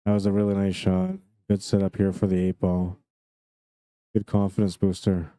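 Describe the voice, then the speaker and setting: A man with a Canadian accent giving relaxed, chatty live commentary on a pool match and greeting viewers by name. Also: sits low, moderate pace, dry recording.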